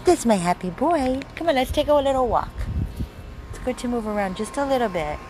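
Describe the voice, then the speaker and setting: A woman's voice: fairly high pitch, expressive, a little fast. Woman, dog rescuer, sing-song baby talk, casual vlog, handheld phone, noisy background. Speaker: dog rescuer filming her dogs. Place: home at night, indoors and out. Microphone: handheld phone, filmed one-handed.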